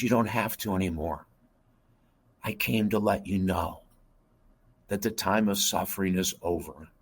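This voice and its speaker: A man voicing his late mother as she softly reassures her grown son in a tender, gentle voice. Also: on the low side, husky.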